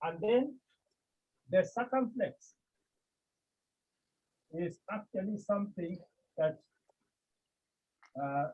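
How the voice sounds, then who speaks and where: A man teaching a class, speaking slowly and repeating key terms as he explains step by step. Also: sits high, animated, slightly rough, narrow, tinny audio. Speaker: Greek teacher. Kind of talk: classroom lesson.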